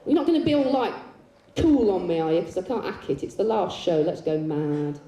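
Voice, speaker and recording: A woman's voice: fairly low pitch, very animated, brisk, warm tone, recorded from a distance, lo-fi sound. A woman performing a live stage monologue and a poetry reading, teasing the audience with playful banter. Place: large concert hall, live show. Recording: echoey hall recording.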